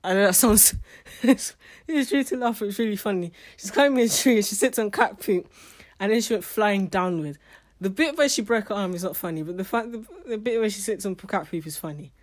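Woman, casual book review, chatty, emotional, mid-pitched voice. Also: fairly quick, few pauses. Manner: chatty and emotional, with restarts and laughs.

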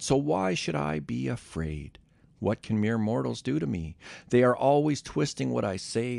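A man reads scripture in a steady, measured way. His voice is low and gravelly, and it is recorded dry and close, with no room sound. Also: no echo. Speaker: scripture reader.

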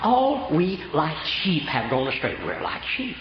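A man's voice: a little high, wildly swooping pitch, a little slow, a loud crowd. An older man preaching a folksy storytelling sermon, from Oklahoma, with homespun rural grammar. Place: church. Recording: echoey church room, dull lo-fi sound.

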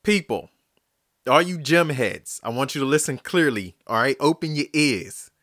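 A man hosting a solo podcast, ranting angrily and profanely, swinging between shouting and muttering. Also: medium pitch, animated, moderate pace, no room sound, clean studio sound. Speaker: podcast host.

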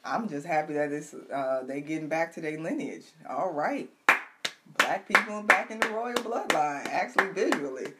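A woman co-hosting a casual chat, animated and teasing, recapping gossip and news with loud laughs. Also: low voice, normal speed, noisy background. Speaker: podcast co-host.

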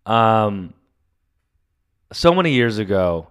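A man hosting a solo comedy podcast, telling stories in a rambling, profane way with sudden loud bursts. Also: on the low side, sing-song, slow, smooth. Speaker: podcast host. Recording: audio-only podcast mic.

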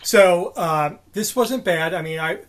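A man's voice: high voice, a little slow, fairly bright tone. A man in his forties from New Jersey, co-hosting a podcast and telling a rambling story full of restarts and fillers. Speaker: podcast co-host. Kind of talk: casual storytelling chat.

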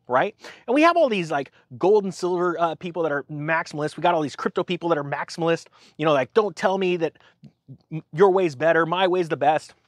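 A man hosting a finance channel, talking casually to camera in an animated, rambling way with sarcastic asides. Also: a little high, no echo, studio quality.

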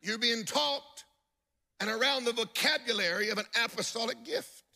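Emphatic preacher with a bright, gravelly voice. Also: male voice, very high voice, normal speed. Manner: emphatic, storytelling with acted-out quotes. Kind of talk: sermon. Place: church service with congregation.

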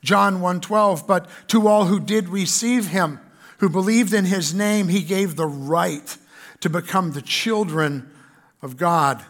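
A Canadian-accented pastor preaches a sermon earnestly, reading scripture aloud and using fillers. His voice is male, sits high, and sounds fairly bright at a slow pace.

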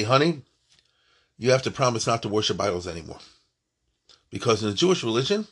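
Husky man teaching with joking asides. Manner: joking, rhetorical questions, big swings in pitch and loudness. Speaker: teacher of Jewish law. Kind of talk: lively classroom lesson reading and explaining a text.

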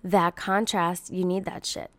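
Woman, podcast host, casual monologue, blunt, profane, sarcastic, husky, dry room. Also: lowish voice, flat delivery, unhurried, fairly bright tone, no echo. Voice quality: husky morning voice.

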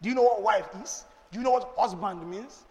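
A man's voice: sits high, a little fast, big-room sound, lo-fi sound. A middle-aged man with a Nigerian accent, preaching emphatically and rhetorically as a pastor answering questions in a church. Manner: emphatic, rhetorical, preacherly, with sudden loud bursts.

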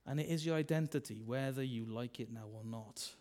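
A minister preaches in a conversational style, his mid-range voice moving briskly. He leans on tag questions and swings between loud and soft.

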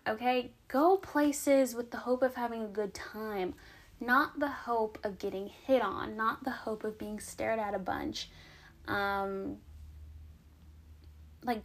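Young woman, out of breath, chatty frank advice vlog, fairly high voice. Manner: chatty, frank, filler-heavy. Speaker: vlogger.

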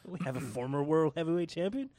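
A man's voice: a little high, animated, fast, warm tone, no echo. A man chatting on a casual podcast, with a voice that swoops up and down as he jokes. He laughs often and keeps breaking into playful impressions. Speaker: podcast co-host. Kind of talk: casual wrestling chat.

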